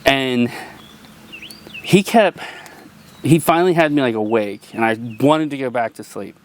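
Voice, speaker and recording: Young man, from western Pennsylvania, animated storyteller, laughs often, swears freely, middle pitch, faint outdoor noise. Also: unhurried. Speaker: podcast guest. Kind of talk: casual storytelling chat. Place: outdoors around a campfire at night.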